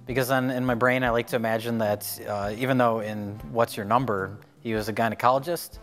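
A man's voice: mid-range voice, steady tone, a little fast, fairly bright tone, soft background music. Guy with a dry sarcastic streak chatting about a movie, mid voice. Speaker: film review show cohost. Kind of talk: casual film review chat.

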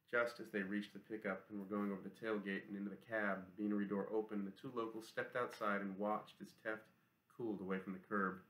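Steady male audiobook narrator, monotone delivery, echoey room. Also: fairly low pitch, brisk. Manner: steady, even reading.

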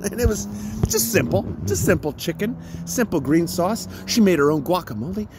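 A man's voice: high voice, lively intonation, normal speed, background noise. A man in his forties talking in a casual, rambling vlog monologue, emotional and laughing through sadness. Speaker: vlogger.

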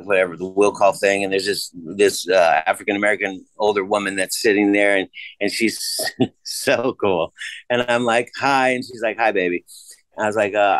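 Recorded with no room sound, a male podcast guest spins a laid-back, casual story full of swearing. When quoting people, he acts out their voices by leaping his pitch way up.

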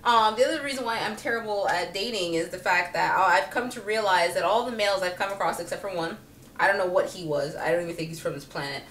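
A woman vlogger talking casually and comically to the camera, chatty and animated with many fillers and frequent laughter. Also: medium pitch, quick pace, a little hiss or hum. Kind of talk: casual comedic monologue to camera. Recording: roomy echo, speaking from a distance.

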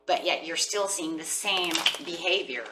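A woman's voice: fairly low pitch, a little slow, distant mic, over loud music. Chatty woman reading tarot in an echoey room. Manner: chatty, rambling, addresses viewers as guys. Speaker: tarot reader.

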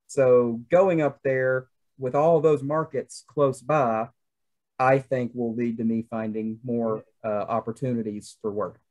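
A man's voice: mid-range voice, fairly even intonation, a little slow, darkish tone. Young Southern guy, co-host, loose rambling chat. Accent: Southern American. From American South. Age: young adult. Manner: chatty, rambling with many fillers. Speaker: podcast co-host. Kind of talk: casual chat.

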